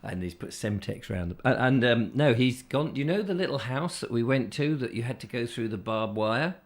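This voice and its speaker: A hoarse man with a croaky voice, hosting a chatty live show with silly, playful banter. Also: medium pitch, lively intonation, moderate pace. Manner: silly, playful, puts on voices and trailer narration. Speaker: host.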